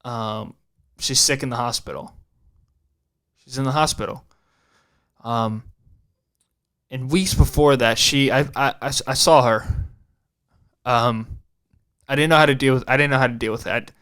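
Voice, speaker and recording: Young man telling a halting story. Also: medium pitch, a bit bright, clean tone. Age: young adult. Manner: halting and repetitive, restarting phrases, casual swearing. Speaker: podcast host. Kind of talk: personal storytelling on a podcast.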